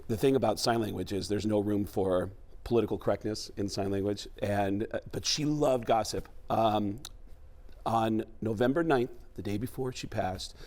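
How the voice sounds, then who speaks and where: Animated male impressionist telling stories. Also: fairly low pitch, moderate pace. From New York. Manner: animated storytelling, breaks into voices. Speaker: impressionist guest. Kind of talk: casual talk-show chat.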